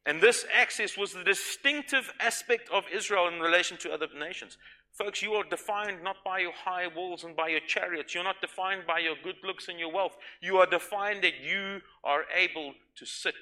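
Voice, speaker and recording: A middle-aged male pastor preaching a sermon emphatically, dropping to soft, intimate tones at times. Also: high voice, normal speed.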